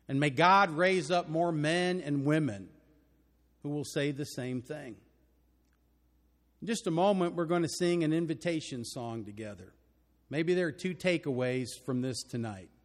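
An older man with a Texan accent preaching a sermon, earnest and emphatic, building to loud declarations. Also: on the high side, big-room sound. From Texas. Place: church auditorium.

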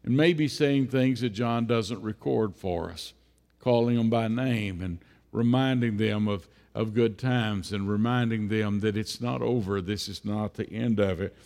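A lower-pitched man delivering a sermon from the pulpit. He speaks unhurriedly, circling back over his phrases with frequent "uh" pauses. His voice carries a long reverb off the walls of a church hall. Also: gravelly, a little mellow. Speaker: preacher. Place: church sanctuary.

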